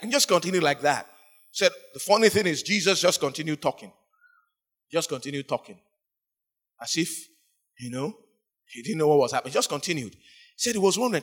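A man with a somewhat high voice preaches a sermon in a storytelling way. He voices the people in his story and breaks into sudden emphatic rises, then drops back to a quieter tone. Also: animated, fairly quick.

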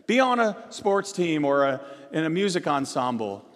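A man preaching a sermon as pastor, rising to emphatic stressed words and dropping low and soft between them. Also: big pitch swings, normal speed. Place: church sanctuary. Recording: long reverb of a church hall.

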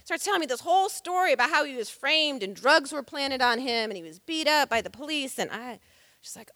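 A woman's voice: high-pitched, expressive, fast, pushed and bright, no room sound, studio quality, long reverb tail. A woman civil rights lawyer telling a story on stage, vivid and dramatic. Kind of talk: storytelling talk.

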